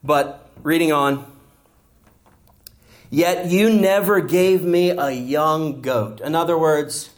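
A man preaching a sermon in a church, acting out the characters as he explains a parable. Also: high-pitched. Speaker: pastor.

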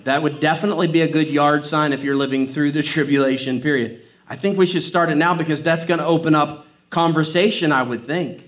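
A man's voice: a little high, a little fast, fairly bright tone. A man preaching a sermon in a conversational way, reading scripture and joking in asides. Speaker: pastor.

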